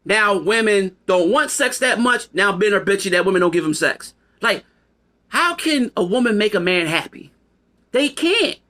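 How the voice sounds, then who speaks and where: Bright, high-voiced man ranting casually. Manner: profane, rambling, emphatic. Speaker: video commentator. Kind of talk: casual opinion monologue.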